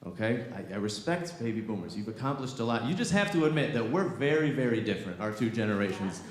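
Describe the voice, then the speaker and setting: A young man performing a stand-up comedy set in a small theatre, with animated, playful delivery and banter with the crowd. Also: lowish voice, fast talker. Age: young adult. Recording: echoey venue.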